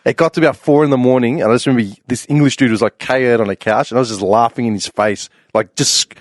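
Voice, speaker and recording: A young Australian man spins a rowdy travel story in an easygoing chat, laughing as he goes and jumping up loud for the lines he quotes. The recording is dry and close, with no room around his voice. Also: mid-range voice, quick pace, no echo. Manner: animated, acts out quoted voices loudly, laughs often. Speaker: podcast panelist.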